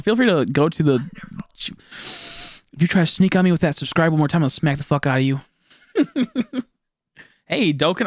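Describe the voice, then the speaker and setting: A young man streaming a video game, chatting casually with viewers, excitable, profane and often laughing. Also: on the high side, no room sound, clean studio sound. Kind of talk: casual gameplay stream commentary.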